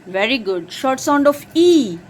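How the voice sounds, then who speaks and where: A woman's voice: sits high, lively intonation, unhurried, darkish tone, slight background noise. A woman drilling her young child on phonics, patiently spelling out letters one by one and praising each answer.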